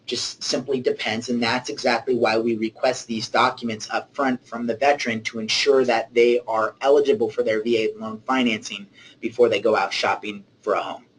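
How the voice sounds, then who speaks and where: A man walks listeners through loan rules in a webinar, steady and mid-pitched. He checks in often with a quick "okay?" between points. A faint hiss sits under his voice. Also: low-quality recording. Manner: explanatory, frequent "okay?" check-ins. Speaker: mortgage originator. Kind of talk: webinar presentation.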